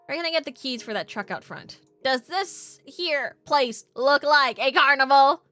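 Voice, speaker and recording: A woman voicing a gruff, complaining clerk in a video game, in a raised, higher voice. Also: a little slow, pushed and bright, no room sound, faint music behind. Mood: irritated.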